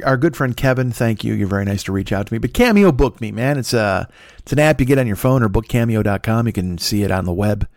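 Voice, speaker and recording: A man's voice: fairly low pitch, no room sound. A middle-aged man in his fifties talks alone into the mic, rambling from one gripe to the next. He swears freely and mocks himself as he goes, and the sound is dry and close. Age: 50s. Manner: profane, self-deprecating, rambling. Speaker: podcast host. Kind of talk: rambling solo podcast monologue.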